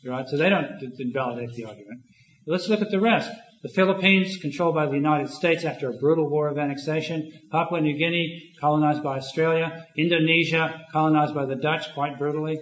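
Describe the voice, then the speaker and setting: A man giving an academic lecture, thoughtful and halting, with many restarts and fillers. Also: a little high, fairly bright tone. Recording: echoey, dull lo-fi room recording.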